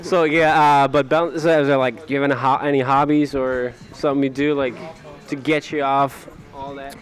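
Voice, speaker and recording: A man's voice: mid-range voice, little pitch movement, moderate pace. A man interviewing a rapper outdoors in a city, asking questions hesitantly with lots of fillers.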